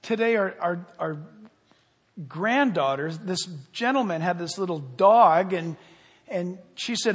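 An older man preaching a sermon with fervor, rising loud on key points and dropping quiet. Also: sits high, lively intonation, unhurried. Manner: fervent, swells loud on key points then drops quiet. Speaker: pastor. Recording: long hall reverb.

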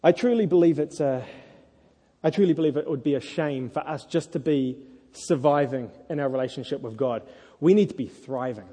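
A married man preaching a sermon to a congregation, earnest and lively when he tells stories. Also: fairly high pitch, moderate pace, slightly rough. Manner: earnest, animated storytelling. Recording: echoey hall.

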